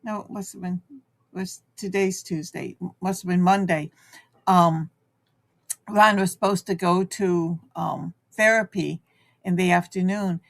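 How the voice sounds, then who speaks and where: A woman's voice: fairly low pitch, fairly even intonation, unhurried, vocal fry. A middle-aged woman co-hosting a radio talk show, chatty and rambling, laughing often. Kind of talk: casual chat.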